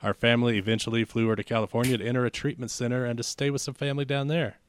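A man co-hosting a podcast, reading a listener's story aloud in a measured, emphatic way. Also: medium pitch, little pitch movement, a little hiss or hum. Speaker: podcast co-host.

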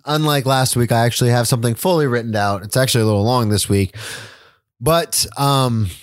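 A man's voice: medium pitch, brisk, dry recording. A young man reads his own essay aloud on a podcast with an earnest, emotional delivery. The recording is dry and close, with no room sound. His voice sits in a middle range for a man. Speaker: podcast co-host. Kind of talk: reading a written essay aloud.

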